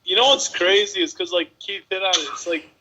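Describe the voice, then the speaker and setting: A man with a high, bright voice rants emphatically in casual podcast chat. As a bodybuilder guest, he drives his points home with mild crudeness. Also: fairly quick, breathy edge, low-quality recording. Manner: emphatic, ranting, mildly crude.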